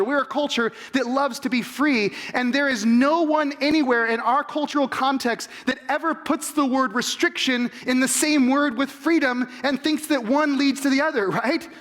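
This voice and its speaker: A man's voice: very high-pitched, fairly bright tone. A man in his forties preaching a sermon, emphatic and full of rhetorical questions to the congregation. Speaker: pastor.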